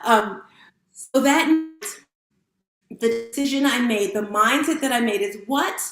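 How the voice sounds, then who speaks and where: Woman motivational speaker on a live stream: casual, emotional, higher pitched, roomy sound. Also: slow pace, over music. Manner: candid, emotional, casual, addresses viewers as guys. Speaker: motivational speaker and fitness instructor. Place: room at home with lights set up. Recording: roomy echo.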